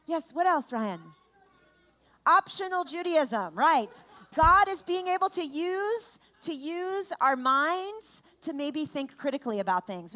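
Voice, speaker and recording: A woman leading a lively family service, animated and playful, asking children questions and exclaiming at their answers. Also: high voice. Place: large room in a temple.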